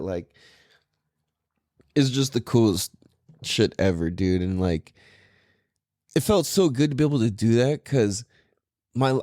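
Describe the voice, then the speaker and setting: A man's voice: medium pitch, a little mellow, dry recording, studio quality. A young man hosting a podcast in a casual monologue, full of surfer slang, swearing and "like" and "dude". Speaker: podcast host.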